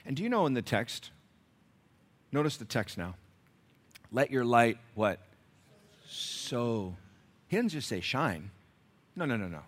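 A man preaches from the pulpit in a lowish, bright and forceful voice. He tells stories with big dynamic swings, shouting one moment and dropping to a hushed whisper the next. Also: very animated, measured pace. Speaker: pastor. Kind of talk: sermon.

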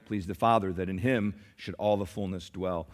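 A pastor preaching a sermon in a church, who has been a little sick this week. He moves from forceful scripture reading to conversational stories and calls on the congregation to answer. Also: sits low, fairly even intonation, normal speed, long reverb tail. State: a little sick, clearing throat. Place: church sanctuary.

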